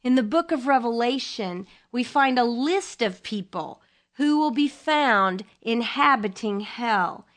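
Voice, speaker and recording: A woman radio Bible teacher delivering a sermon, telling a story in a measured, dramatic way. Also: fairly high pitch, animated.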